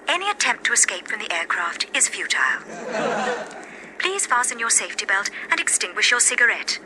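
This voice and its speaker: A woman in a comedy sketch reads a mock airline safety announcement as a chief stewardess. Her delivery is prim and formal, her voice slightly high. The old album recording has clear hiss. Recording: noisy old album recording with audience laughter.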